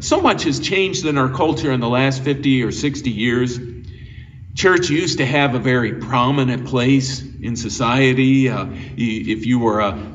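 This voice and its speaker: Male pastor, earnest conversational sermon, mid pitch; distant, muffled recording. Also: fairly bright tone. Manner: earnest, conversational, with frequent restarts. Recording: dull, lo-fi sound from a distant mic with faint noise.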